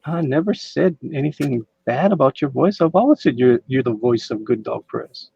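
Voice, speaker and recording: Husky-voiced man on a muffled mic. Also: medium pitch, expressive, normal speed, mellow, no room sound. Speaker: artist on a live drawing stream. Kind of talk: casual live-stream chat. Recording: dull lo-fi mic.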